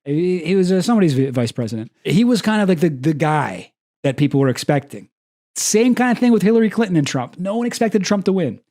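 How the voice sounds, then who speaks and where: A man's voice: high-pitched, sing-song, fairly quick, warm tone. Sarcastic young man rambling on stream. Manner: sarcastic, rambling, laughs at own jokes. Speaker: commentary streamer. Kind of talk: casual commentary.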